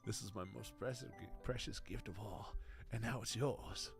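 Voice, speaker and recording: A gentle old grandfather with a Southern twang, as a man puts him on, speaking low and soft as he reads his letter. Faint game music plays underneath. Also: moderate pace, vocal fry. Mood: tender. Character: kindly old grandfather writing a farewell letter.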